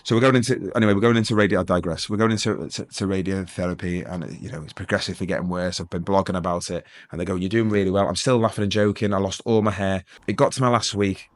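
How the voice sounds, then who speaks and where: A man's voice: low voice, steady tone, quick pace, hardly any pauses. A middle-aged man from England telling his life story in an interview, rambling and restarting, with jokes along the way. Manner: rambling, self-interrupting, joking. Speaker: guest.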